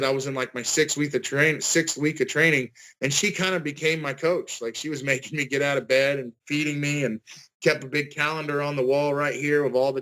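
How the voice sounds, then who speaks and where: A man's voice: mid-range voice, a bit bright, low-quality recording. A man in his forties, a fighter giving a casual interview over a video call, earnest and rambling, often restarting his sentences. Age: 40s. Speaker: guest fighter.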